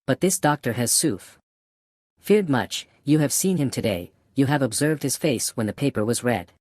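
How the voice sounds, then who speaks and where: Un hombre interpreta a un tabernero de mediana edad, inquieto y conciliador; voz media y seca de audiolibro. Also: male voice, medium pitch, animated, moderate pace, a little mellow, dry recording, studio quality, close to an everyday voice. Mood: troubled. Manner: deprecating, uneasy. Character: Defarge, troubled middle-aged wine-shop keeper.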